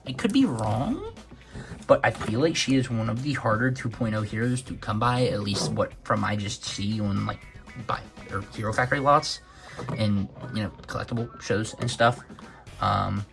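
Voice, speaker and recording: A man's voice: on the low side, steady tone, moderate pace, creaky, faint music behind. A young man giving a casual toy review, rambling a little with many fillers and corrections of himself.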